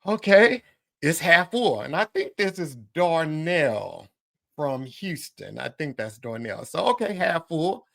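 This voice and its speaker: A man's voice: on the high side, big pitch swings, slow pace, gravelly, fairly bright tone, dry recording. A man hosting a live-streamed podcast, chatting casually with viewers and greeting them by name as he reads their comments aloud. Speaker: podcast host.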